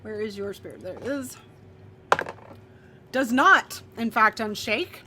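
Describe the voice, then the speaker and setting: A woman with a slightly high voice, heard over slight background noise, serves as game master for a tabletop role-playing game. She narrates and calls out dice results, bright and quick between rolls and laughing often.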